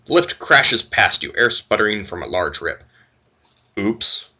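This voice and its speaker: A man narrates a retro computer game, reading its text aloud and breaking off for wry, joking asides. His voice is husky yet very bright, and his pitch swings up and down in a lively way. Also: measured pace. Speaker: let's play host.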